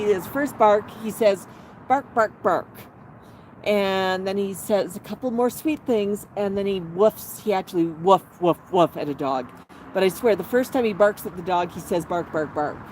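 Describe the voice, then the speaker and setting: A woman's voice: medium pitch, a little mellow, slight background noise. A woman hosting a casual outdoor livestream, chatting to viewers and reading out their comments. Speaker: livestream host.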